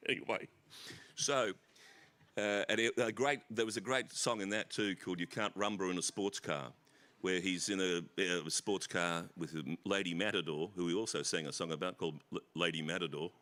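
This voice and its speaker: A man's voice: deep voice, steady tone, normal speed, fairly bright tone. An Australian author telling rambling, self-deprecating stories on a festival stage, often laughing at his own jokes. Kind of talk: rambling anecdotal stage conversation. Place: festival stage before an audience.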